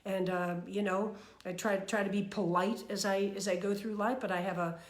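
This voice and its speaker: A woman's voice: mid-range voice, normal speed. Chatty woman in an echoey room. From New York. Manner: chatty, animated, lots of fillers and restarts. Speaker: speaker sharing personal mantras. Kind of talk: casual motivational talk.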